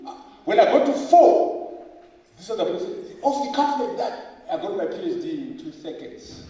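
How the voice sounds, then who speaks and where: A middle-aged man speaks with a fairly high voice, pushing his points with rhetorical questions and repetition. He sounds distant from the mic, in a big echoey hall with a long reverb tail. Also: big pitch swings, moderate pace, mellow, slight background noise. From Zimbabwe. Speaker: professor and author at a book launch. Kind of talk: lively public speech.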